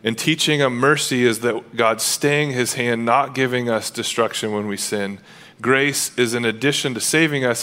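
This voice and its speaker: A man's voice: medium pitch, fairly bright tone. A man preaching a sermon as pastor, earnest and conversational, acting out quoted dialogue along the way. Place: church sanctuary.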